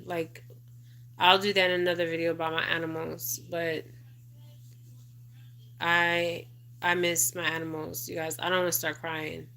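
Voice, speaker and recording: Middle-aged woman, casual livestream host, rambling and repetitive, bright tone, even flat pitch. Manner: rambling, repeats "okay?" and "you guys", emotional asides. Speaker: spiritual advisor livestream host. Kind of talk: casual livestream chat reading viewer comments.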